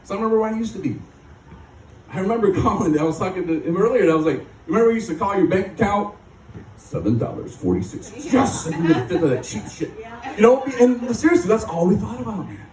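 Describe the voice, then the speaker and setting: At a live recovery rally, a man from Michigan tells his recovery story from the stage in a high, mellow voice, quick and very animated. He jokes and rambles with frequent laughs, and the recording is echoey and off-mic, with him far away and slight background noise.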